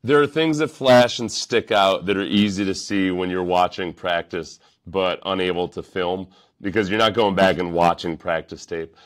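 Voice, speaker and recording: A man's voice: deep voice, steady tone, moderate pace. A man hosting a sports show, giving casual reaction commentary in a conversational, wry way, thinking aloud. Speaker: sports podcast host.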